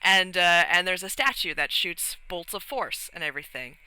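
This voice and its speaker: A woman's voice: lowish voice, expressive, normal speed, sharp tone, clean tone, low-quality recording. A woman host casually retelling her tabletop game session in a rambly way, laughing as she goes. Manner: rambly, many fillers and restarts, laughs while telling. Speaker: podcast host.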